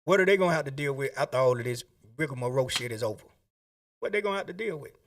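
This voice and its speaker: A man's voice: mid-range voice, lively intonation, rapid-fire, far from the mic, a little hiss or hum. A man making an impassioned public statement, asking pleading rhetorical questions.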